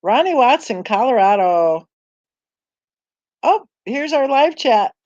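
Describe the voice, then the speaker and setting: A woman's voice: on the high side, sing-song, takes it slowly, a little mellow, no echo, highs cut off. A woman hosting a casual live-stream chat on a true crime channel, rambling and thinking aloud as she browses, sighing and sounding tired.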